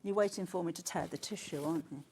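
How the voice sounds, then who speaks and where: A woman presenting a live TV shopping show, excitable and quick to gasp and exclaim as items sell. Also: on the low side, a little hiss or hum. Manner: excitable, gasping and exclaiming over sales. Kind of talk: live TV selling. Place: TV studio.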